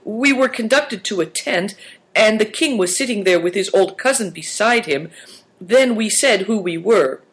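A man's voice: sits high, big pitch swings, moderate pace, few pauses, voice pushed up. A man voicing a timid, polite young boy in a storybook reading, apologetic and earnest.

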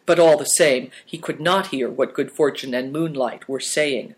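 A man reading a story aloud as narrator in a steady, measured way. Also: medium pitch. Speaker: audiobook narrator.

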